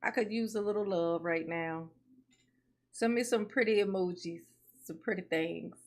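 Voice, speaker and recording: A woman's voice: mid-range voice, normal speed. A woman hosting a casual livestream, greeting her viewers by name, laughing often and calling them honey and baby. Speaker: livestream commentary host.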